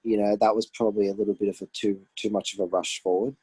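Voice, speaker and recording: A man's voice: on the low side, little pitch movement, fast, warm tone, breathy edge, no echo, poor audio. An Australian man co-hosting a podcast over a remote call, chatting easily about fights. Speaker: podcast co-host. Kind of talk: casual sports chat.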